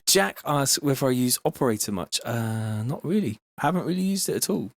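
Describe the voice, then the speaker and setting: Laid-back bloke streaming his tune-making, mid-pitched, loud electronic music behind. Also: expressive, brisk, vocal fry. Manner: laid-back, chatty, swears casually. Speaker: music producer. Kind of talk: casual livestream chat while producing. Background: electronic dance music.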